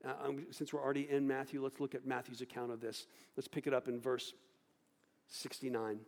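A man preaching a sermon, swinging between loud outbursts and hushed, low delivery. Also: flat delivery, a little fast, gravelly. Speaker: pastor. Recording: long hall reverb.

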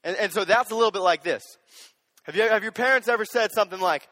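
A young man preaching a sermon as a youth pastor, animated and joking, speaking straight to the audience. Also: sits high, brisk, in a large hall.

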